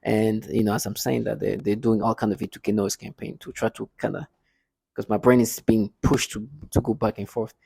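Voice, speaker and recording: A man's voice: fairly low pitch, level tone, a little fast, gravelly, darkish tone, slightly rough, no room sound, rough recording. A man talking to his viewers in a casual monologue, insistent, often repeating words and restarting. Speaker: vlogger addressing his viewers. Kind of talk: casual spoken monologue to camera.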